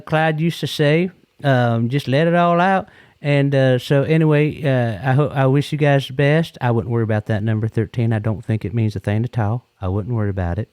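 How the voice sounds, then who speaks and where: A man calls in and spins a long, wandering comic tale in a folksy, loose way, doubling back and restarting as he goes. His voice sits at an ordinary middle pitch, and it is recorded close and dry, with no room sound. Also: darkish tone, dry recording. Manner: folksy, rambling, repeats and restarts himself. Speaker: caller. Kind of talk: rambling comedic anecdote.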